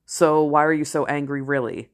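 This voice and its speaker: A middle-aged woman talking straight to camera in a casual vlog, blunt and candid, swearing freely and slowing down to stress key phrases. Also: deep voice, steady tone. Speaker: vlogger, parent and ER worker. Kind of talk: casual talking-head commentary.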